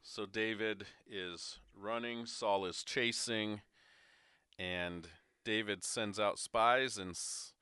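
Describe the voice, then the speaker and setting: A man with a somewhat low, bright, crisp voice chats casually through a Bible passage on a podcast. He reads the verses aloud in an easygoing way. The recording is dry and close. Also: steady tone, slow, dry recording. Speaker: podcast co-host. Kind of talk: casual Bible study chat.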